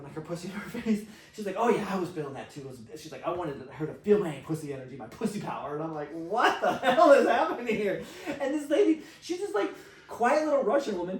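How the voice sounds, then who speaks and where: Excitable storytelling man, roomy and distant. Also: a little high. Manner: excitable, acts out quotes, laughs often, filler-heavy. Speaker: podcast guest, sexual healer. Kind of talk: animated storytelling.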